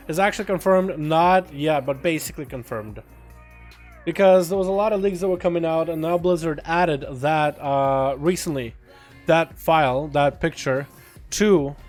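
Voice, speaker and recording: A young gaming streamer, voice on the high side and a little mellow, casually commentates his livestream. He's laid-back, laughing frequently and swearing now and then.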